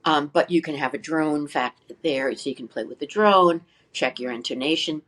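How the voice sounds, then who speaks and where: An older woman, a flute teacher, speaks as a guest in an interview. She explains practice methods in a lively way, asks many rhetorical questions, and sings short syllables to demonstrate. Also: sits low, normal speed.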